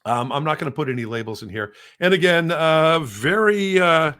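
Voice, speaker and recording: Chatty man demoing software. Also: a little high, animated, normal speed, clear, resonant tone. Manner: rambling, many fillers. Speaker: podcast co-host. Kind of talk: casual demo chat.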